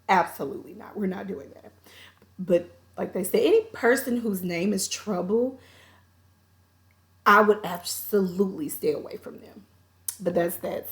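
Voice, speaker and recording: A woman recapping a TV episode in a chatty, animated way, acting out the characters' lines and adding her own asides. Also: mid-range voice, vocal fry. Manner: chatty, animated retelling with quoted voices and asides. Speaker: TV show reviewer.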